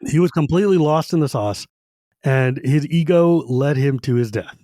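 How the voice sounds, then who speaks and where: A man on a podcast recaps a book chapter in a loose, rambling way. His voice sits a little high. The recording is dry and close. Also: normal speed, warm tone, no room sound. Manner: rambling retelling, lots of "he's like". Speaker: podcast host.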